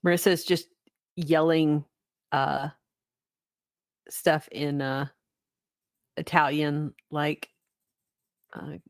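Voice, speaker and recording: A woman's voice: low voice, steady tone, drawn-out words, long pauses, dry recording. A woman playing in a tabletop role-playing game, speaking in an offhand, matter-of-fact way. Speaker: player. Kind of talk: casual tabletop play.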